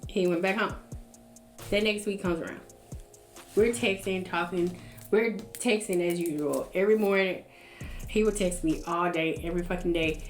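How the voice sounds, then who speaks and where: A woman's voice: on the low side, normal speed, long pauses, reverberant, soft background music. A young woman casually telling a personal story to her viewers, blunt and profane, acting out what others said.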